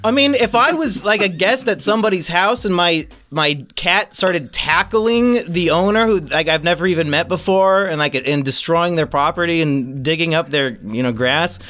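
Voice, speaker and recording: Man, podcast co-host, casual chat, deadpan jokes, slightly high voice, faint music. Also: normal speed, few pauses. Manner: deadpan joking.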